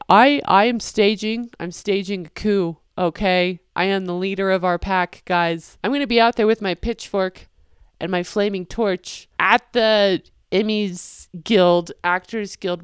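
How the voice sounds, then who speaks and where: A young woman hosting a reaction video, talking casually and excitedly, swinging from loud outbursts to quiet asides. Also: mid-range voice, clean tone, dry recording, clean studio sound.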